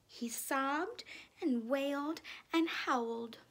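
A woman teacher reading a storybook aloud to first graders in an expressive, sing-song way. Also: high voice, slow pace, slight background noise. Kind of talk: children's storybook read-aloud.

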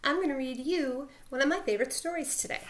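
Expressive high-voiced woman reading aloud. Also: fast. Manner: expressive storytelling with dramatic sound words. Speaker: teacher reading to students. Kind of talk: children's picture book read-aloud.

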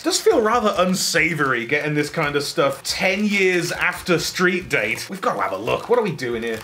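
A man's voice: fairly high pitch, fairly bright tone, slight background noise. A man chatting sarcastically while unboxing toys, laughing often in mock disappointment. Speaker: toy unboxing vlogger. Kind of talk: casual unboxing chat.

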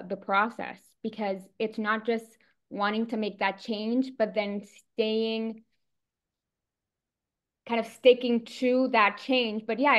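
A woman hosting a chat, speaking admiringly and encouragingly. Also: a little high. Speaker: host. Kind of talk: casual chat. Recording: dull lo-fi audio.

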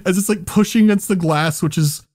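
A man's voice: sits high, a little fast, a little mellow. A man hosting a podcast, telling a story in casual chat, laughing often and swearing freely. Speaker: podcast host.

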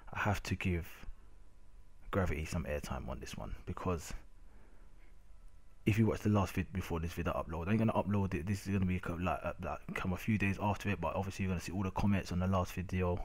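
Husky, deep-voiced London man ranting. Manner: slangy, animated ranting with repeated 'innit'. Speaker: gamer narrating match footage. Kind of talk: casual rant over gameplay video.

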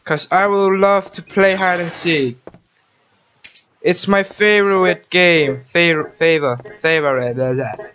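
A man's voice: high voice, slow, fairly bright tone, lo-fi sound, slight background noise. A man hosting a horror let's-play, jumpy and swearing as he talks to the game character. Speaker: gaming channel host.

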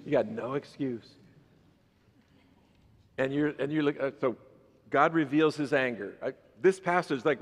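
A male pastor preaching a sermon, moving between calm teaching and loud emphatic bursts. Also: on the high side. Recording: reverberant church hall.

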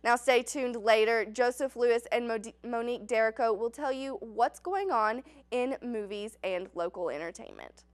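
A woman reading scripted news stories as a student news anchor, in an even, measured delivery. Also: fairly high pitch.

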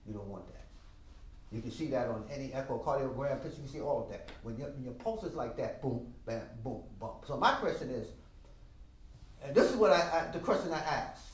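An older man teaching a music masterclass, animated and emphatic, singing out rhythms with drum sounds in a classroom. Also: mid-range voice, a little fast, slight background noise. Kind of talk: masterclass lecture. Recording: roomy sound from a distant mic.

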